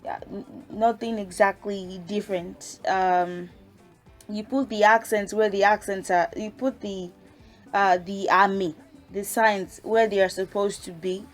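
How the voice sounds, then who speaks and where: A woman teaching a language lesson in a casual way, reciting letters one at a time and explaining with relaxed fillers. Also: medium pitch, a little slow, soft background music.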